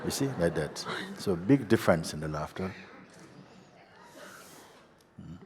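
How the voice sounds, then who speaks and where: A man giving a satsang teaching as a spiritual teacher, gentle and unhurried, often breaking into laughter. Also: deep voice, animated, noisy background. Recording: long hall reverb with faint ambience.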